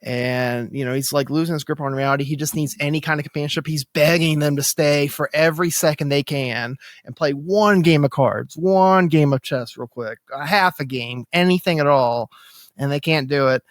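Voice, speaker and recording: Casually chatting as a podcast co-host, a man rambles and keeps restarting, filling gaps with lots of fillers. His voice is a little high, his pace moderate, and the clean studio sound has no room sound.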